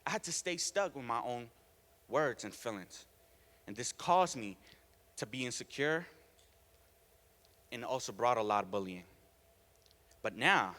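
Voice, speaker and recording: His voice a little high and fairly bright, a teen boy gives a prepared talk as a student speaker. Spanish is his first language, and he stays earnest and emphatic, breaking into laughter between points while the school auditorium's long reverb echoes around him.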